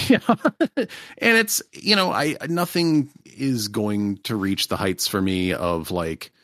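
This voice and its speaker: Casting: low-voiced male podcast co-host, rambling and easygoing, dry close sound. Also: lively intonation, slow, fairly bright tone, no room sound. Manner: rambling, restarts often, laughs easily. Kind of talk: casual chat.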